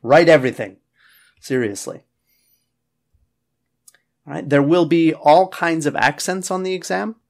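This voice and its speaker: A man's voice: on the high side, steady tone, normal speed, gravelly, few pauses. A man who is a test teacher and writer, giving a casual lecture from his office and checking in with "okay?" after nearly every point. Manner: frequent checking "okay?" and "all right?". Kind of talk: casual classroom lecture to camera.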